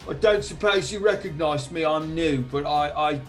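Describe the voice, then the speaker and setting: A man's voice: fairly high pitch, measured pace, fairly bright tone, soft background music. A man doing a blustering fake Cockney guard. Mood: flustered. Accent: put-on Cockney English. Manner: chummy, blustering bluff. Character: male escapee posing as a Cockney palace guard.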